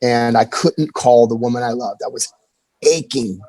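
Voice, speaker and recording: A man in his forties telling a candid personal story as an interview guest, earnest and halting, often restarting his sentences. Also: mid-range voice, a little mellow, dry recording, rough recording.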